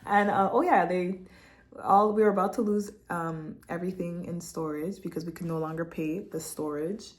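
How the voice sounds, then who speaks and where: A woman's voice: fairly low pitch, fairly even intonation, moderate pace, slight background noise. A young woman from Quebec, a vlogger sitting at home at her laptop, telling a personal testimony in a candid, heartfelt and chatty way. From Quebec, Canada.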